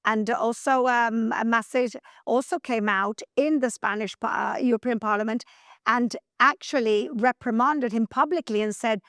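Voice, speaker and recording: A woman hosting a TV news show, her voice sitting a touch high and sounding dry and close, with no room around it. She delivers opinion commentary emphatically, scolding and slowing down to hammer key words. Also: a bit bright, no room sound.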